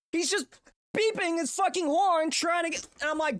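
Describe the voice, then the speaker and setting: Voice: very high voice, unhurried, a bit bright. A young adult streamer ranting casually, profane, exasperated and rambling. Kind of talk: casual livestream rant.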